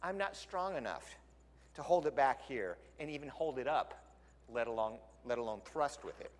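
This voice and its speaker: A male pastor preaching a sermon in a lively, conversational storytelling way, in a church sanctuary. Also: mid-range voice, moderate pace. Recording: long church hall reverb.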